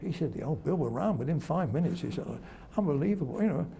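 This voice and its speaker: An older man, a veteran broadcaster, recalls old stories in an interview, chuckling and mimicking the people he quotes. His voice is strongly gravelly and dark-toned, with faint noise behind him. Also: on the high side, lively intonation, quick pace. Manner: chuckling storyteller who acts out quoted voices. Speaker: television presenter. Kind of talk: reminiscing interview anecdotes.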